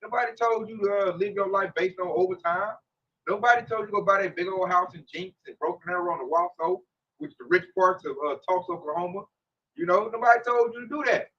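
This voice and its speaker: A man leading a casual religious discussion, talking in a slangy, emphatic, animated way. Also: high-pitched, fast talker, far from the mic, muffled recording.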